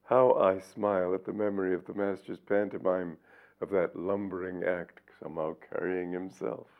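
Older man, low voice, tinny recording. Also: fairly even intonation, moderate pace, vocal fry. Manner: storytelling, reflective. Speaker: spiritual teacher. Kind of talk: reading and commenting on his book.

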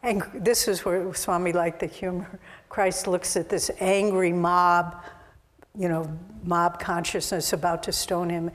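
Slow, earnest woman giving a sermon. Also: fairly low pitch, level tone, long reverb tail. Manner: earnest and exhortative. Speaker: spiritual teacher.

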